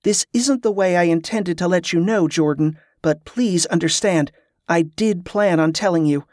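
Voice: medium pitch, moderate pace, darkish tone, no echo, natural voice. Narrator doing a tired elf mage woman, earnest, young, storybook reading, dry sound. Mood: weary.

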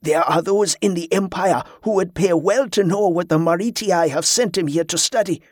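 A man's voice: sits high, normal speed, no echo, clean studio sound. A man voicing Beneto, a surly male spy who answers in a curt, defensive way. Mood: fearful. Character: surly male spy, defiant then fearful.

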